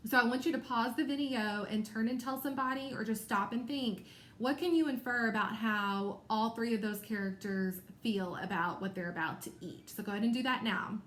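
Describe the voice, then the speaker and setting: A woman's voice: on the high side, brisk, a little hiss or hum. Encouraging woman teacher in an echoey room. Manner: encouraging, clear classroom explanations. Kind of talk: recorded small-group reading lesson.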